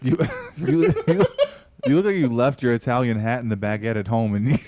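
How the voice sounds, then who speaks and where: A man's voice: medium pitch, big pitch swings, normal speed, mellow. A man hosting a comedy podcast, asking mock questions and teasing his guest. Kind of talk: casual comedic chat.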